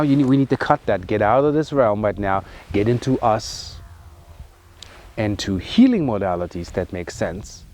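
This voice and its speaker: A man giving an earnest spiritual monologue as a wellness vlogger, emphatic and heartfelt, moving between loud pushes and hushed, soft passages. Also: medium pitch.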